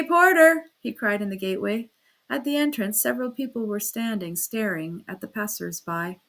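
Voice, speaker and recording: A woman narrating a classic novel as an audiobook reader, in a steady storytelling manner. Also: vocal fry. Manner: steady storytelling, raises pitch and volume for quoted speech. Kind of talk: scripted narration.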